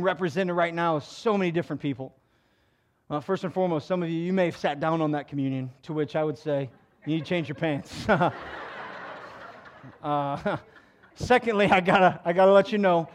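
A male pastor preaching a sermon in an animated, joking way, swinging from low asides to loud exhortation.

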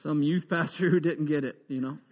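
A man preaching a humorous, conversational sermon, dropping into quiet asides and rising into emphatic build-ups. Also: on the high side, steady tone, a little fast, in a large hall, highs cut off. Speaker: pastor.

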